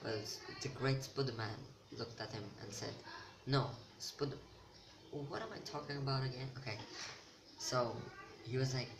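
A man's voice: mid-range voice, normal speed. Rambling teen guy with a noisy mic. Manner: rambling, self-mocking, loses his train of thought. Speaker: vlogger. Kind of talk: casual chat to camera. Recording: noisy home recording.

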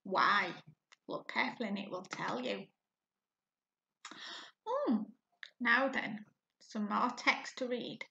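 A woman teacher guiding a reading lesson, asking her pupils questions patiently and often clearing her throat. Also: mid-range voice, bright, forceful tone, a little hiss or hum. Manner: slow and patient, asks questions to the class. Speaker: primary school teacher. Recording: echoey room, dull lo-fi sound.

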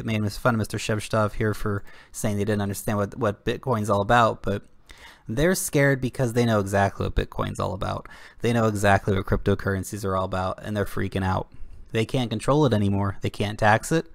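A man's voice: on the low side, gravelly, no echo, studio quality. A young adult man hosting a video channel, delivering an indignant, sarcastic rant to camera in blunt, slangy words. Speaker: crypto video host. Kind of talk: ranting commentary to camera.

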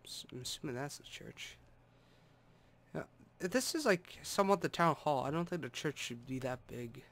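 A let's play host rambles casually over his gameplay, filling the commentary with hums and asides. His voice is on the high side and expressive, at a moderate pace. He uses a desktop microphone, and music is playing loudly in the room.

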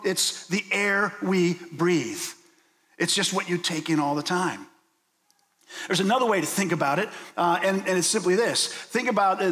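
A man's voice: high-pitched, fairly bright tone. A man from Pittsburgh preaching a sermon as pastor, telling stories and asking the listeners questions. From Pittsburgh, USA. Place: church sanctuary. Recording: long hall reverb.

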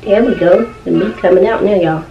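A woman's voice: mid-range voice, brisk, vocal fry, recorded from a distance, lo-fi sound, soft background music. A young woman chatting casually and eating on camera at home, with lots of appreciative "mm"s as she tastes. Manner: chatty, eating on mic with frequent "mm"s. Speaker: mukbang vlogger. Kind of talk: casual food review while eating. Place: at home with her kids nearby. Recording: roomy, off-mic home recording.

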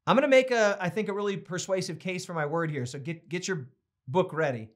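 With a fairly high voice and a slightly fast pace, a middle-aged pastor teaches a Bible study. He moves from convicted preaching into a playful, chatty tone as he reads out comments from viewers.

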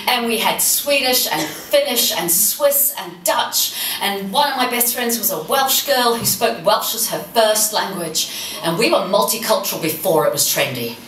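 A woman in her fifties from New Zealand gives a lively, humorous keynote with mid-pitched warmth and conviction. She sounds a little distant from the mic in a reverberant conference hall. A faint background hum runs under her. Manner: humorous, passionate storytelling. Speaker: keynote speaker. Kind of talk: conference talk.

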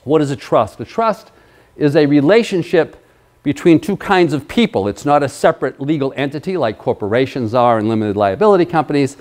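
A man with a somewhat high voice presents a law seminar to an audience. He explains ideas in a conversational way, with restarts, fillers and the odd dry joke at his own expense. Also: expressive, a little fast, a little mellow. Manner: explanatory, with dry self-deprecating jokes. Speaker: elder law attorney.

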